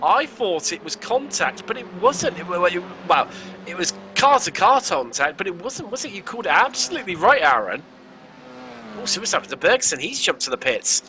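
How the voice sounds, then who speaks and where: Man, West Country accent, sim racing commentary, jokey, trips over words, raised pitch, race engine noise in background. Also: moderate pace. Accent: West Country English. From England. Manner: excitable, jokey, trips over words then corrects himself.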